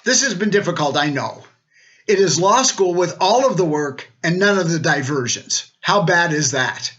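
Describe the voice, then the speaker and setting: A man's voice: a little high, animated, moderate pace, fairly bright tone, muffled recording, a little hiss or hum. An older man, a retired law dean, giving a wry, joking recorded greeting.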